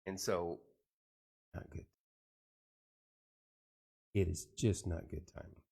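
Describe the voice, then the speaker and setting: This low, slow voice has a creaky, slightly rough edge. It belongs to a middle-aged host of a casual live chat who greets viewers while joking, rambling and spinning animated stories.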